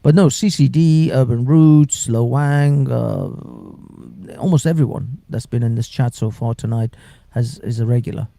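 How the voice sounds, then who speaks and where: A man's voice: mid-range voice, moderate pace, creaky, dark tone, dry recording. A man hosting a late-night live stream, sleep deprived, rambling and laughing often in casual chat.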